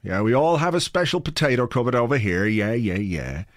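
A man's voice: medium pitch, animated, brisk, no echo. Rambling man, dry close sound. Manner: rambling, swears freely, comic asides. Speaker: podcast host. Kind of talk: casual chat. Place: home office. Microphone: home office mic.

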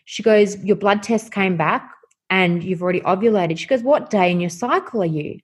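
A woman's voice: medium pitch, fairly quick, slightly rough. Woman telling her story animatedly. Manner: animated, acts out quoted dialogue. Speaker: guest sharing her story. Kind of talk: candid personal storytelling.

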